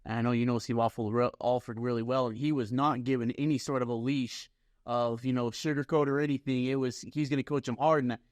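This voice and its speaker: Casting: man, podcast host, mid pitch, dry close mic, animated storyteller. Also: no echo. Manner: animated storyteller, acts out quotes. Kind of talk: casual interview chat, storytelling.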